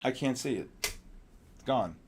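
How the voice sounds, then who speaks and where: A male trading show host giving excitable live market commentary, exclaiming and calling out viewers by name. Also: mid-range voice, slow.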